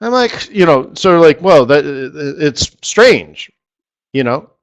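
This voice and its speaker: Rambling, fairly high-voiced male market strategist. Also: animated, slow. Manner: rambling, repeats words for emphasis. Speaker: forex market strategist hosting a live session. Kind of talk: live trading webinar talk.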